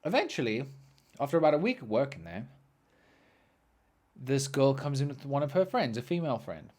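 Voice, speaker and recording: A young man hosting a podcast, telling stories in an animated, swearing, ranting way. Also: mid-range voice, normal speed. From South Africa. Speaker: podcast host. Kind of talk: storytelling monologue.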